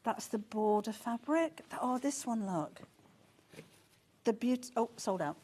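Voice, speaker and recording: Chatty lady on a shopping channel, bit high, gasps and giggles a lot. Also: slow pace, slightly rough. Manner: excitable, chatty, frequent gasps and laughter. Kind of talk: live sales presentation. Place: TV studio.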